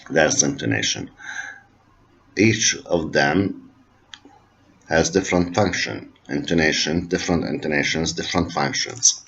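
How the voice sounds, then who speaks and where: Very deep, slow lecturing man. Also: a bit bright, breathy edge. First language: Arabic. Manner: slow, repetitive explaining, switching between English and Arabic. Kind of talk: university lecture on linguistics. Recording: dull lo-fi recording.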